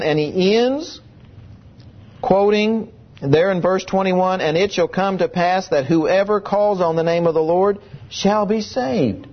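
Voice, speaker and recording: A man's voice: sits high, lo-fi sound. A man preaching a sermon, emphatic and full of rhetorical questions.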